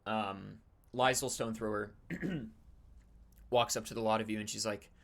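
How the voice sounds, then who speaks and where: Casual, halting male game master. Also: fairly low pitch, fairly even intonation, gravelly. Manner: casual, halting, many fillers. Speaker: dungeon master. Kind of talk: narrating a tabletop game.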